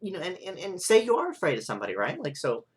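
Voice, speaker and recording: A man's voice: sits high, huge pitch swings, fast talker. A young man rants in a vlog monologue, rambling and frustrated, full of "like" and "right?" tag questions. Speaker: vlogger. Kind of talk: ranting monologue.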